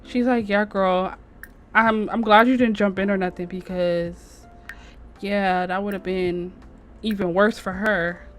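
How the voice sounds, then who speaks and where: A woman's voice: medium pitch, steady tone, measured pace, soft background music. A young woman casually narrating her gameplay, voicing the characters in a slangy, chatty way with "she's like" quotes. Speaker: gameplay streamer. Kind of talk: casual let's-play narration voicing sims.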